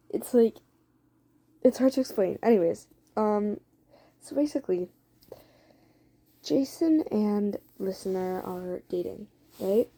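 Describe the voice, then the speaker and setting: A woman casually narrating an improvised story to her viewers in a rambling, chatty way, swearing and filling pauses with "um.". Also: medium pitch, warm tone. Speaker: storyteller for listeners.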